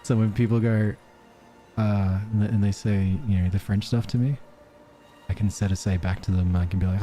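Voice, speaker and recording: Australian male streamer, low, very dark and mellow tone, easygoing chatty commentary. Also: steady tone, normal speed, faint music behind. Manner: chatty, reacts to chat, soft chuckles. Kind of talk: casual gameplay commentary.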